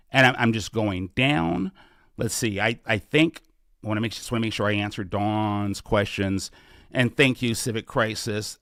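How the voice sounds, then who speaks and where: An earnest middle-aged man hosts a live question-and-answer session, his sentences halting and full of restarts. His voice sits at an ordinary middle pitch. The sound is dry and close, with no room echo. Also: fairly bright tone. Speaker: podcast host and political candidate. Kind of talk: live Q&A, casual campaign talk.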